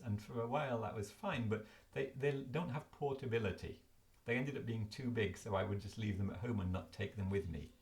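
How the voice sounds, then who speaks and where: An older man with a fairly low, gravelly voice hosts a language learning video from home. Talking casually to the camera, he explains his flashcards in a chatty way, often correcting himself.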